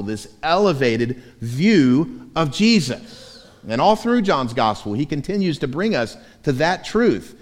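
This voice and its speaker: A man preaching as pastor, telling stories in a self-mocking, emphatic way. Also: mid-range voice. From Florida. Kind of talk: sermon. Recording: echoey church hall.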